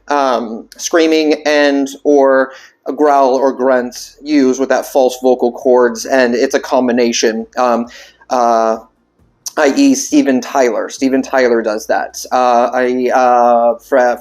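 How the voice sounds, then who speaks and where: A male vocal coach talking casually and thinking out loud, with plenty of fillers and restarts. His pitch sits in a middling range for a man. Soft music plays faintly underneath. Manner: rambling, filler-heavy, thinks aloud. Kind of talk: casual explainer video.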